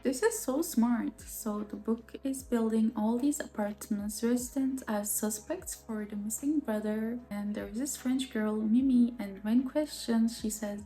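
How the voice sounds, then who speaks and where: A woman's voice: fairly high pitch, a little slow, few pauses, warm tone. A woman chatting enthusiastically about a book in a casual vlog, full of fillers. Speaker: book vlogger. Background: faint music.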